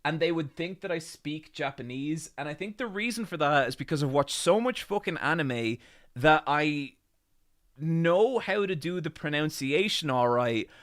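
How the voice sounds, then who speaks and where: A man's voice: mid-range voice, fairly bright tone. Rambling laid-back male podcast host. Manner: rambling storytelling with many fillers and restarts; laid-back, self-mocking, swears casually. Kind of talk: casual chat.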